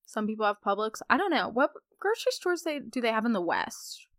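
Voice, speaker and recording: A woman's voice: on the high side, big pitch swings, a little fast, a bit bright, no echo, clean studio sound. A young woman from the United States hosting a podcast in casual chat, bubbly and chatty with lots of filler. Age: young adult. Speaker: podcast host.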